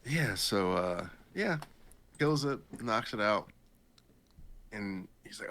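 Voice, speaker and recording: A man hosting a podcast, retelling a story in a casual, animated and jokey way. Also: on the low side, slow pace, long pauses. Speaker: podcast host.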